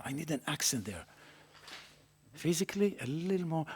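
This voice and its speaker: A man's voice: a little high, very animated, moderate pace, a little mellow, slightly rough. A man teaching a trumpet master class in a recording studio, explaining patiently and singing phrases on syllables.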